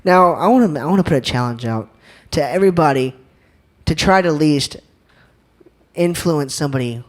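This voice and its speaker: A young man gives an energetic church talk, throwing questions and jokes at the crowd. His voice sits a bit high for a man, and he keeps it bouncy and informal. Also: normal speed. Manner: lively, joking, asks the crowd questions. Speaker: youth speaker.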